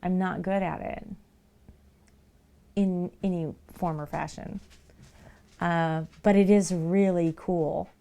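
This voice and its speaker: A woman's voice: lowish voice, fairly even intonation, takes it slowly, creaky, long pauses, dark tone. A woman chatting casually on a live art stream from her home, rambling along with lots of "like" and "um". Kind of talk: casual chat. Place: at home with pets nearby.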